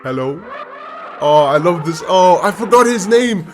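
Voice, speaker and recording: Excitable man reacting to clips, lively up-and-down voice, unhurried delivery, music underneath. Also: sits high. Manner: excitable, frequent laughter and exclamations. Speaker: reaction video host. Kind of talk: casual reaction commentary. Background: cartoon clip audio and music.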